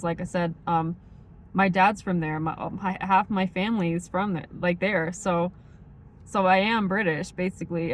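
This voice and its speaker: A woman's voice: on the low side, a little hiss or hum. Rambling woman with faint Midwestern accent. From United States. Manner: rambling, heavy use of like and um. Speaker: vlogger. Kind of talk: casual chat.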